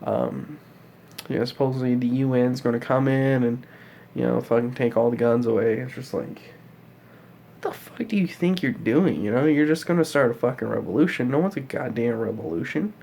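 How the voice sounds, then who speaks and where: A man's voice: medium pitch, moderate pace, creaky, darkish tone, slight background noise. A man in his twenties talking in a casual vlog, rambling and swearing, with many fillers. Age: 20s. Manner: rambling, profane, full of fillers. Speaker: vlogger.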